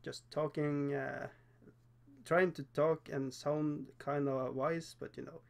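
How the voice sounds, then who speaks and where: A Norwegian-accented man hosts a relaxed livestream while he paints miniatures, and English is not his first language. His voice sits a little high and carries a rough, gravelly edge. He chats loosely and pokes fun at himself, with frequent laughs and halting fillers. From Norway. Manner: chatty, self-deprecating, laughs often, halting with fillers.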